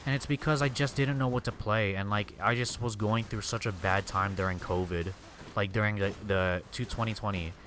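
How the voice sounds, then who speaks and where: A man's voice: on the low side, fairly even intonation, moderate pace, fairly bright tone, a little hiss or hum. Angry swearing young man streamer. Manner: angry, profane venting. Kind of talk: casual gaming stream rant.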